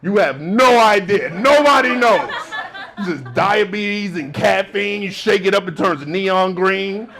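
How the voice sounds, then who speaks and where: A male stand-up comedian doing a club set, loud and animated as he acts out people. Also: high-pitched, unhurried, a crowd in the background. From New York.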